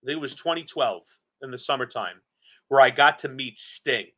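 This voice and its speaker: A man's voice: mid-range voice, moderate pace, pushed and bright. A man from Staten Island, co-hosting a podcast and telling stories earnestly and with enthusiasm. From Staten Island, New York. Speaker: podcast co-host. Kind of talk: casual chat.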